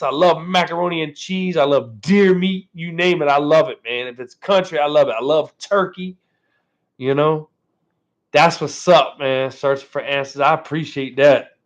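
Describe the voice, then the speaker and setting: Laid-back man chatting on a lo-fi live stream. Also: a little high. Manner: laid-back, ends phrases with "man", keeps thanking viewers. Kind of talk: casual live-stream chat with viewers. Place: at home. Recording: dull lo-fi stream audio.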